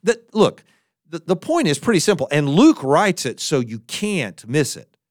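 A man preaching a sermon, who talks in an animated way and acts out the figures he quotes in different voices. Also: on the high side, unhurried, dry recording, studio quality.

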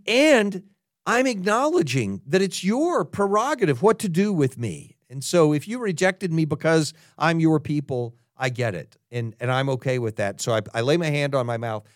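A man's voice: a little high, dry recording, clean studio sound. A man preaching a sermon in an earnest, dramatic way, voicing pleading prayers as he goes.

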